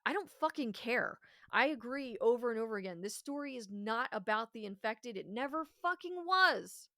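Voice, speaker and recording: A woman's voice: on the high side, expressive, normal speed, sharp tone, no room sound, clean studio sound. A woman co-hosting a podcast in casual review chat, talking passionately and emphatically and swearing freely. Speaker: podcast co-host.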